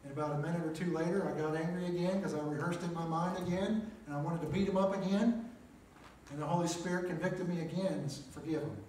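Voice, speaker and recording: A man's voice: on the high side, steady tone, quick pace, darkish tone, slight background noise. A middle-aged man preaching a personal testimony in a small chapel, in a plainspoken storytelling way with frequent "uh"s. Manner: plainspoken storyteller, many "uh" and "make a long story short". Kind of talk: testimony sermon. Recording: echoey chapel, mic at a distance.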